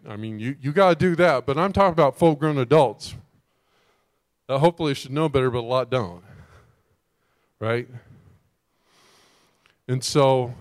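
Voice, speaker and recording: A man preaching a sermon as a pastor, animated and emphatic, often putting rhetorical questions to his listeners. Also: mid-range voice, dry recording, studio quality.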